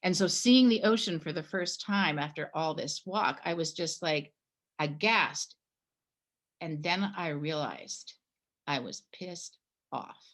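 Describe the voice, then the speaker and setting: A middle-aged woman from Canada, a guest telling a personal story in a conversation, animated and acting out the dialogue. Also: sits low, slow. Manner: animated storyteller, acts out her own past dialogue.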